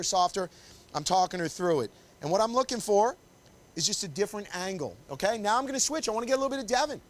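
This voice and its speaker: Male photographer-instructor, high-pitched, encouraging, keeps directing poses on a body mic. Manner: upbeat, coaxing, directs the couple constantly. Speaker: wedding photographer teaching. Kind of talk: live posing demonstration. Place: confined indoor shooting space.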